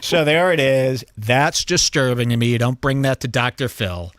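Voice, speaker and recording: A man hosting a crude comedic commentary show, mocking and animated, reading chat aloud. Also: mid-range voice, normal speed, hardly any pauses, dry recording, studio quality. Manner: mocking, animated, puts on silly voices. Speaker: show host.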